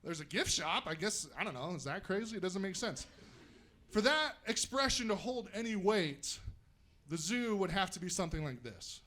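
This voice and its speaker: Bright-voiced man doing stand-up. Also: high voice, normal speed. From Utah. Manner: animated, self-deprecating, chats with the crowd. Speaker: stand-up comedian. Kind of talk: stand-up comedy set. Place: comedy stage before a live audience.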